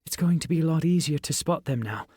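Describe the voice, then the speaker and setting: A man's voice: a little high, animated, fast, darkish tone, breathy edge, no room sound, studio quality, pitched above the performer's own voice. A man voicing a blunt young woman adventurer who speaks in short, plain remarks. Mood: matter-of-fact.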